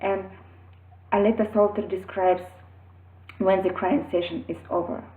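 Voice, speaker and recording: A woman talks earnestly and gently about her experience as a mother, pausing often and restarting her sentences. The sound is thin and phone-like, as if squeezed through a narrow line. Her voice rings in a noticeably echoey room. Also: mid-range voice, steady tone. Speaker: mother sharing parenting experience. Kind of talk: earnest personal talk to camera.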